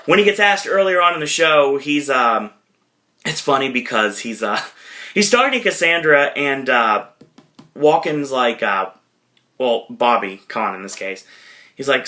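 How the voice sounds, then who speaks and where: A man's voice: medium pitch, lively intonation, unhurried, sharp tone. A man hosting a podcast, casually retelling a film scene by scene, rambling with many fillers and correcting himself as he goes. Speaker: podcast host.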